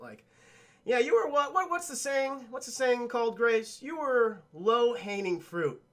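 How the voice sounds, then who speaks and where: A man casually recapping a film on a livestream, animated and profane, laughing often and acting out the characters' lines. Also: sits high. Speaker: film reviewer and streamer.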